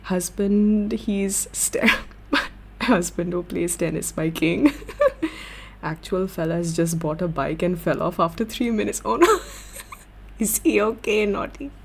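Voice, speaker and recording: Young woman, low and husky, excitable livestream host chatting with fans. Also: slow pace, long pauses. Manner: excitable, giggly, gushing fan talk. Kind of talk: casual chat with viewers.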